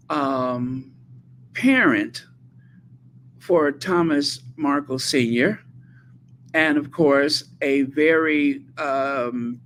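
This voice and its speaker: A man's voice: fairly high pitch, a bit bright, slight background noise. A man hosting a commentary channel, talking in a sarcastic, mocking way. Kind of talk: casual commentary.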